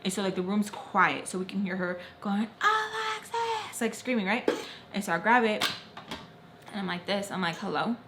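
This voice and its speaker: A young woman vlogger telling an animated story while doing her makeup, acting out the voices of the people in it. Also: medium pitch, moderate pace. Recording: faint background noise.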